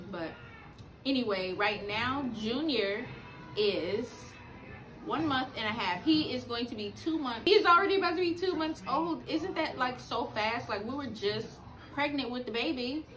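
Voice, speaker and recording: A woman vlogging at home as a new mother, gushing and animated, talking loudly and drifting into baby talk. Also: on the high side, moderate pace. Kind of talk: casual home vlog.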